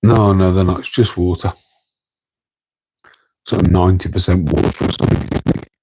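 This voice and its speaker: Streaming late at night from a room next to his aquarium, a Midlands-accented man speaks in a low, warm, steady voice at a moderate pace into a mic on a tripod. He rambles and makes self-deprecating jokes with his chat viewers, keeping his voice down to avoid waking his partner. The audio is low quality, with a little hiss or hum.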